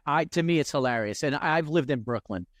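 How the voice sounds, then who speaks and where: A man co-hosting a podcast, telling stories in a lively, animated way with quick restarts. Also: fairly high pitch, no room sound, clean studio sound. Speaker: podcast co-host. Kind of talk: casual interview chat.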